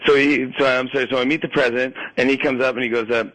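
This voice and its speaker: A comedian calls in and tells his stories in an animated rush, laughing and restarting as he goes. His voice sits at an ordinary pitch for a man. The phone line sounds dry and close, with no room around it. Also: racing, no room sound. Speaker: guest comedian. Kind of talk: phone interview, casual storytelling.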